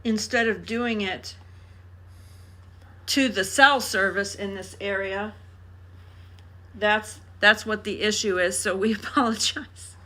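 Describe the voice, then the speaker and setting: A woman's voice: mid-range voice, steady tone, slow, long pauses, sharp tone. A woman co-hosting a casual live chat, patiently explaining and reading out the chat, on a handheld phone. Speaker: live stream co-host.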